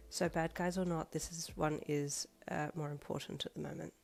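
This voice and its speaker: A woman voicing a deadpan, quiet teenage girl classmate who speaks low and soft. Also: normal speed, creaky, faint music behind. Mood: dry.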